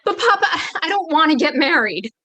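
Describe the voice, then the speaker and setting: A woman's voice: sits high, sing-song, fairly quick, sharp tone, exaggerated voice. A woman reading the part of a frightened young bride, tearful and pleading, in a staged play reading.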